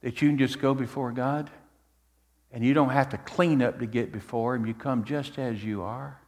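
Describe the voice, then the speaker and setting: A man preaching a sermon as pastor, swinging from loud fervent preaching to hushed tender tones. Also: mid-range voice, steady tone, normal speed, big-room sound.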